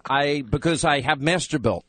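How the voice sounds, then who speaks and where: A man's voice: fairly high pitch, unhurried, fairly bright tone, no room sound. A brash, chatty man hosting a talk radio show, bantering with a guest while eating. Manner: brash, chatty, talks with food in his mouth.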